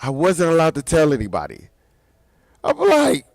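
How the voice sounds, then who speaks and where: A man's voice: on the high side, wildly swooping pitch, moderate pace, vocal fry, darkish tone, no room sound, clean studio sound. A man co-hosting a radio show, telling a story in casual chat, laughing often and acting out the voices of the people in it. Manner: laughs through his story, acts out quoted dialogue.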